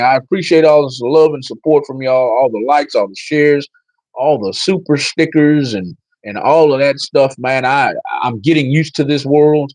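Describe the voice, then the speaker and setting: A man's voice: medium pitch, moderate pace, a little mellow, no echo, poor audio. A man hosting a casual livestream, talking straight to his viewers and telling a story. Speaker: livestream host.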